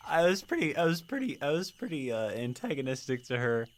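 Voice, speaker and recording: A man's voice: a little high, big pitch swings, fairly quick. A man playing his character in a tabletop game, cocky and joking. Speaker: player.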